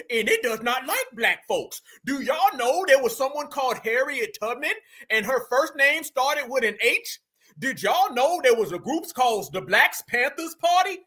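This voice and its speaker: A man hosting a reaction commentary show, talking to his audience in lively slang and stopping a clip to answer it. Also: very high-pitched. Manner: animated, addresses audience directly with slang. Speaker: commentary host.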